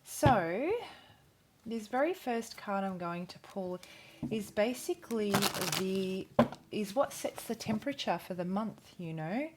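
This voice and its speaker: A woman's voice: medium pitch, expressive, measured pace, noisy background. An Australian woman reading tarot in a casual vlog, chatty and enthusiastic, often breaking off mid-sentence. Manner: chatty, enthusiastic, self-interrupting. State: out of breath. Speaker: tarot reader.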